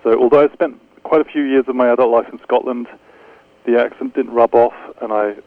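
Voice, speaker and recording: A man's voice: medium pitch, steady tone, no room sound. Male guest, English accent, careful explainer with fillers, phone-line quality, dry. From London, England. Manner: measured, hesitant with frequent fillers, self-deprecating. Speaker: guest, theology professor. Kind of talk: radio interview conversation.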